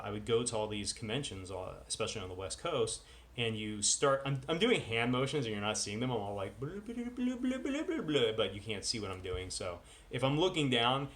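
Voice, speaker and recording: A man's voice: fairly low pitch, fairly bright tone. A man vlogging at home in casual chat, rambling and full of self-deprecating asides. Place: at home with dogs.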